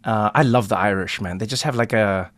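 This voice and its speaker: A man hosting a casual podcast chat, a playful and animated storyteller who acts out the people he talks about. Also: fairly low pitch, a little fast, no echo, studio quality. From South Africa. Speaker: podcast host.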